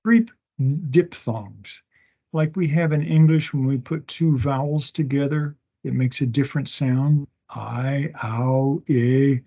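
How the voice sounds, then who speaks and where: A male instructor giving a recorded class lecture from home, talking slowly and haltingly, often pausing and restarting, and sounding out words one at a time and repeating them. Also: a little high, mellow. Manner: slow, halting, with many restarts and fillers. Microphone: online meeting recording. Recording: dull lo-fi meeting audio.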